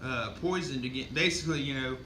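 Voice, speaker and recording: Rambling bright-voiced male comic reviewer. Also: medium pitch, fast, a little hiss or hum. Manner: rambling, swears, many fillers. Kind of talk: casual comic recap.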